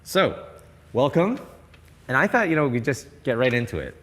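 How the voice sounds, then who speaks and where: A man's voice: mid-range voice, sing-song, moderate pace, a bit bright. A man hosting a podcast interview on location in a decorated church, asking friendly, curious questions in a casual, chatty way. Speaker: podcast host. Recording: long church reverb, faint ambience.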